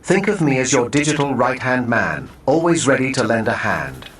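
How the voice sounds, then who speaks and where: A synthetic male voice for a polished AI assistant with a crisp British accent, confident and playful, heard from computer speakers. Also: medium pitch, big pitch swings, a bit bright. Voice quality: crisp, measured, articulate. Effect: played through computer speakers. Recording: far-off speaker playback, roomy, noisy.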